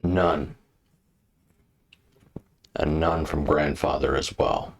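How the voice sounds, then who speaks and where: A man's voice: a bass voice, steady tone, drawn-out words, gravelly, slight background noise, exaggerated voice. A man voicing a grim, terse young character in a tabletop game. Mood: somber.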